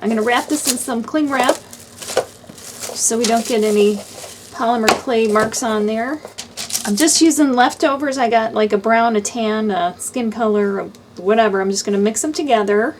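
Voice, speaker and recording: Chatty woman crafter, bright upper voice. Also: a little high, normal speed, background noise. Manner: casual step-by-step explaining. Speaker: craft channel host. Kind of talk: voice-over craft tutorial.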